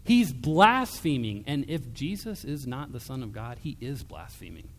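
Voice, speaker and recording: A man preaching a sermon in an earnest, emphatic way, dropping soft and low when he quotes. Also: sing-song, normal speed, in a large hall, slight background noise.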